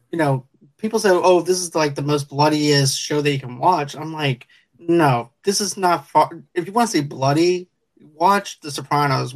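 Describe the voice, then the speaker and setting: A man with a somewhat higher voice hosts a casual chat. He asks questions loosely and conversationally, leaning on filler words. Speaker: interviewer. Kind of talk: casual interview.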